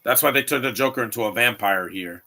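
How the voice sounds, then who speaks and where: Opinionated man with a bright, forceful voice. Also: mid-range voice, fast. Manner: opinionated, rambling, frequent restarts. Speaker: movie commentator. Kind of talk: live watch-along commentary.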